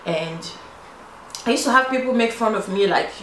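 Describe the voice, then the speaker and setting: A woman's voice: fairly high pitch, moderate pace, a bit bright. A young woman with a Nigerian accent, talking through her skincare routine in a chatty, playful way with lots of "like". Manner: chatty and playful, often says "like". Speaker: beauty vlogger. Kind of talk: casual skincare tutorial chat. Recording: echoey room, faint noise.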